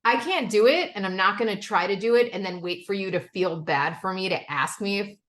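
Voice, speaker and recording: Candid, animated woman sharing in recovery. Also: mid-range voice, fairly quick. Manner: candid, animated, acts out quotes of family; swears casually, frequent "okay?" and "like". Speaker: recovery step-study speaker. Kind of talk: personal share in a recovery meeting.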